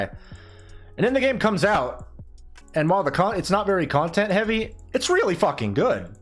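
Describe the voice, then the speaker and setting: A young man streaming while he draws, talking casually and ranting with plenty of swearing and quick asides. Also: on the high side, faint music behind. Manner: rambling, profane, animated ranting with put-on quoted voices. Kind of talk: casual chat while drawing.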